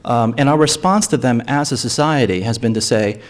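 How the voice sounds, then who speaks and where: Speaking fairly quickly with hardly any pauses, a medium-pitched man argues earnestly at a public drug policy forum held in a lecture hall. He often breaks off and restarts phrases, repeating words.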